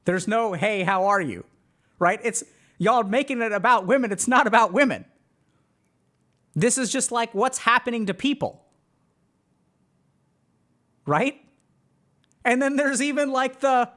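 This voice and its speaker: A man's voice: extremely high pitch, a little slow, long pauses, fairly bright tone. A man talking casually to a live chat, giving emphatic advice with lots of filler words and short acted-out quotes. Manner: emphatic, many "like" fillers, acts out quoted people.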